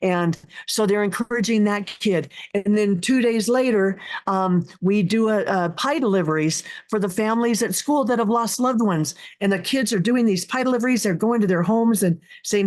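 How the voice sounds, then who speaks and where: A woman's voice: medium pitch, moderate pace, few pauses, darkish tone. Middle-aged lady guest on an interview, earnest, lots of uh and restarts, telling stories. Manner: earnest, storytelling, many restarts. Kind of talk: casual interview talk.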